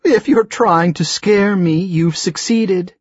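A woman's voice: slow, darkish tone, slightly rough, no room sound, dull audio. Man voicing a frightened captive young woman. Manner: shaky, pleading, higher-pitched.

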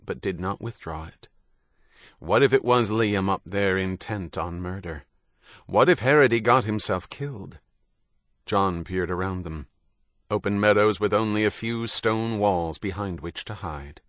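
This audiobook narrator has a deep voice and reads a novel in a measured, even storytelling style as scripted narration. There's no echo, and the studio sound is clean.

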